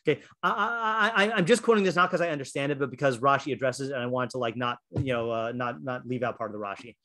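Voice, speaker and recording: A man's voice: medium pitch, fast talker, pushed and bright. A man teaching a Torah class in a casual, chatty way, full of fillers and restarts, reading passages aloud and explaining them.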